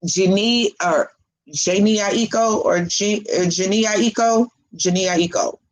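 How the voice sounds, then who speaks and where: Rambly woman doing a spiritual reading livestream, laughs a lot, cusses casually, mid-pitched voice. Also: unhurried, poor audio. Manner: chatty and rambling, swears casually, laughs often. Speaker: spiritual reader.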